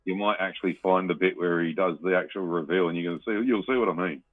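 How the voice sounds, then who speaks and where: A man's voice: deep voice, quick pace, no echo. A man co-hosting a podcast, chatting casually and rambling, with frequent swearing. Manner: swears a lot, rambling, animated. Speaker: podcast co-host. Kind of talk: casual chat. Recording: tinny dry phone-like line.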